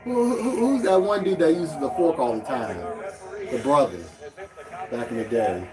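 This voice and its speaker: A man with a slightly high voice who explains and corrects his co-host. He halts often and fills gaps with um and uh. It is relaxed, casual reaction chatter. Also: music in the background. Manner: explains and corrects, halting with fillers.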